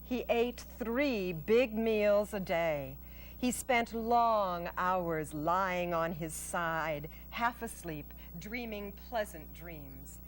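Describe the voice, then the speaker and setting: A woman narrating a storybook aloud in a gentle, unhurried way. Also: on the low side, animated, a little hiss or hum.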